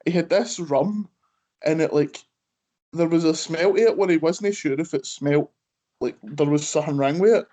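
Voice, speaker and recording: A man's voice: fairly high pitch, moderate pace, mellow. Rambling Scottish man hosting a chat. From Scotland. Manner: rambling, peppered with "like" and Scots "aye". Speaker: podcast host. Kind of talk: casual chat.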